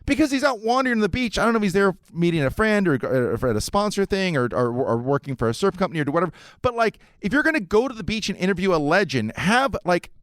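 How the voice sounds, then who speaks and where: A man's voice: sits high, very animated, fast talker, few pauses, dry recording, clean studio sound. A man hosting a podcast, ranting in a casual, rambling, sarcastic way and swearing often. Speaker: podcast host.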